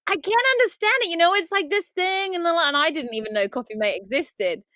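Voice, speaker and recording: A woman's voice: sits high, fairly quick, dry recording, clean studio sound. A woman from England with a Devon accent, co-hosting a casual chat from a friend's house, laughing often and acting out the people in her stories. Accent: English, Devon. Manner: giggly, animated storyteller who acts out quotes. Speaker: podcast co-host.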